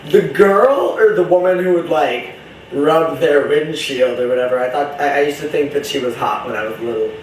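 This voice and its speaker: A man's voice: on the high side, normal speed, far from the mic, slight background noise. Chatty young man, campy and profane. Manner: chatty, profane, campy, jumps between topics. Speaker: vlogger. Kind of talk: casual rambling monologue. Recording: roomy echo, voice from off-mic.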